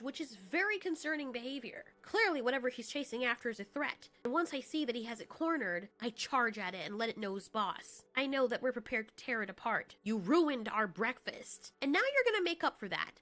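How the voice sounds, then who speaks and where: A woman's voice: sits high, a bit bright. A woman voicing a proud, hot-tempered female dinosaur in a first-person story, boastful and snarky. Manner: boastful, easily annoyed, snarky.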